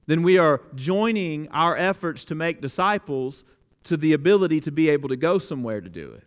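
High-voiced earnest male preacher. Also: lively intonation, fairly quick, fairly bright tone. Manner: earnest, emphatic, often repeats words as he restarts. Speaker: pastor. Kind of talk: sermon.

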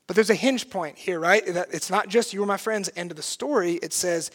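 With a high voice and an ordinary tempo, a man gives a sermon as pastor. He sounds earnest and emphatic, alternating soft, subdued lines with booming, forceful ones.

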